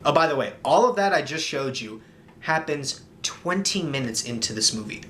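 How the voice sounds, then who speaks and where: A man's voice: high voice, very animated, normal speed, sharp tone. A man narrating a comedic movie review in an exasperated, sarcastic tone.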